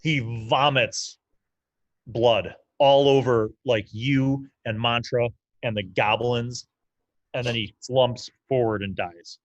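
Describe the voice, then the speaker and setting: A man's voice: mid-range voice, fairly even intonation, slow pace, no room sound, highs cut off. A man narrating as game master in a casual, loose way, with lots of fillers.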